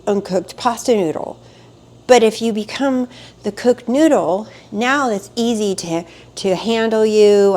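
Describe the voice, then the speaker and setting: A woman coaching her audience on acceptance in a motivational monologue. She talks animatedly to the camera on a close mic and builds to emphatic outbursts. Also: mid-range voice. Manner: acts out panicked inner voices. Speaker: spiritual life coach.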